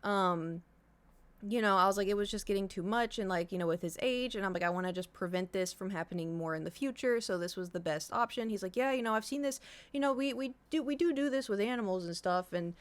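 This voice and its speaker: A woman's voice: mid-range voice, fast talker. A woman streamer chatting casually to her viewers, telling a long rambling story full of fillers and acted-out quotes. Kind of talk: casual chat.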